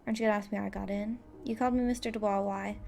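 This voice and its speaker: Creaky-voiced woman playing a game. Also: mid-range voice, fairly even intonation, very fast, darkish tone. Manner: playful, reads game text aloud, swears, laughs often. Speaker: let's player. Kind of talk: casual gameplay commentary.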